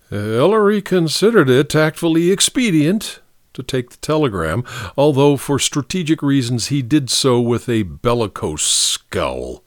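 A man's voice: mid-range voice, big pitch swings, unhurried, no echo, studio quality. A man narrating a mystery story as an audiobook, with a wry, theatrical delivery.

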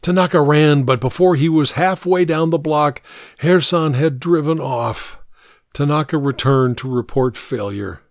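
A man narrating an audiobook in an expressive storytelling manner, recorded close to the mic. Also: on the high side, unhurried, no room sound.

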